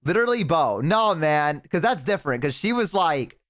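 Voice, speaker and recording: A man's voice: a little high, big pitch swings, normal speed, fairly bright tone, dry recording, clean studio sound. A man streaming live, chatting casually to his viewers, rambling and swearing freely.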